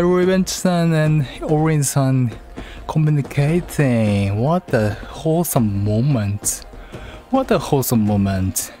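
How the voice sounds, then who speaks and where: A man chatting casually on a livestream, halting and repeating words as he teases his chat playfully. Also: mid-range voice, animated, mellow, faint music behind. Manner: playful teasing.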